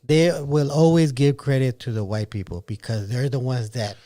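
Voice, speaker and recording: A man's voice: mid-range voice, steady tone, normal speed, dark tone. Man making an argument in a chat. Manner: argumentative, building a point. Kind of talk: casual chat.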